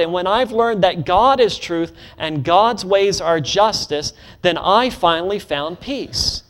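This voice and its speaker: A man preaching a sermon, leading the congregation to repeat phrases back, rushing through asides and slowing hard on emphatic lines. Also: sits high, animated, fairly bright tone. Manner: call-and-response, leads congregation in repeating phrases; swings between quick asides and slow emphatic declarations.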